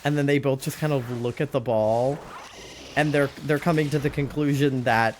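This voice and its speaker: In a mid-range voice with fairly even intonation and a moderate pace, a sick young adult streamer on Twitch makes casual live-stream chatter. They don't sound like their usual self, and they ramble, giggling and using many fillers.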